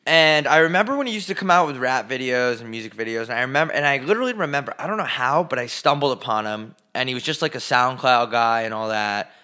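A man co-hosting a podcast with a bright, forceful voice. He rants in fast, profane bursts and sounds a bit out of breath. He talks casually from his living room. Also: mid-range voice, animated, clear, resonant tone. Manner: profane, ranting, fast and emphatic. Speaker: podcast co-host.

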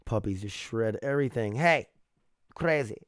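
A man's voice: mid-range voice, expressive, normal speed, no echo, studio quality. A man hosting a solo podcast, sick and foggy-headed, rambling casually with frequent swearing and laughs. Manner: rambling, profane, laughs often. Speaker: podcast host.

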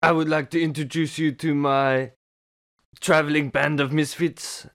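A man's voice: fairly high pitch, little pitch movement, unhurried, fairly bright tone. A man playing a tabletop game, introducing his party in character with wry humor. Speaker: player. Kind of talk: in-character tabletop role-play.

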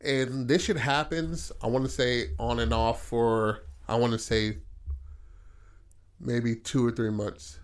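Man, casual storyteller, profane, acts out lines, medium pitch. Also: fairly even intonation, takes it slowly, smooth. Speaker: podcast host.

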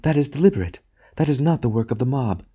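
A man's voice: mid-range voice, animated, fast talker, warm tone, husky, pitched above the performer's own voice. A man doing a trembling, pleading young wife. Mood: distraught pleading. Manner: tremulous, emotional. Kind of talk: audiobook reading.

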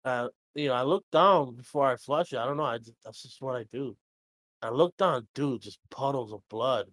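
A young man chatting casually on a podcast at a middle pitch, recorded close and dry. He rambles through a story, swears freely and slips into quick impressions of the people he quotes. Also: fairly bright tone, dry recording. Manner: rambling, swears freely, acts out both sides of dialogue. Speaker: podcast co-host.

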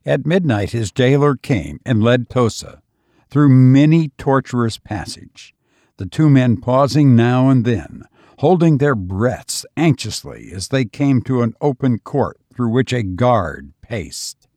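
A man reading a story aloud in a steady, unhurried way. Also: mid-range voice, no echo, clean studio sound. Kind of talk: storybook narration.

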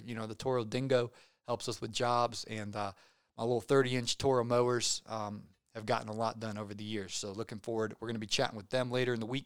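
A young man hosting a podcast, chatting casually and rambling excitably with lots of fillers and self-deprecating jokes. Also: medium pitch, clean tone, no room sound, studio quality. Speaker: podcast host. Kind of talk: casual podcast sign-off chat.

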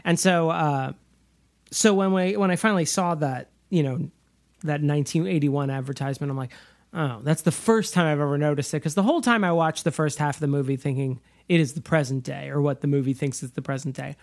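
A man's voice: fairly high pitch, a little fast. A man co-hosting a podcast, chatting casually about a movie, rambling and laughing often. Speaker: podcast co-host.

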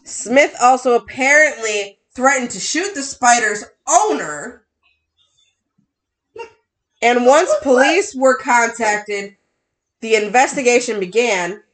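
A woman's voice: on the high side, lively intonation, slow, pauses often, a bit bright, low-quality recording. A woman co-hosting a casual podcast, reading odd news stories aloud in a dry, matter-of-fact way. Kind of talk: casual chat.

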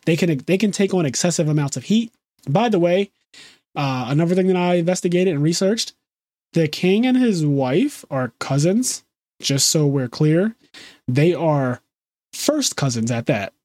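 A man co-hosting a casual chat about a TV show, animated and swearing freely as he quotes the dialogue. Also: a little high, normal speed, no echo, studio quality. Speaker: podcast co-host.

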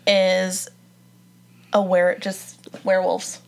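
A woman talks in relaxed chat, playful and teasing. Her voice sits mid-range. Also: mid-range voice, takes it slowly, vocal fry. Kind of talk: casual chat.

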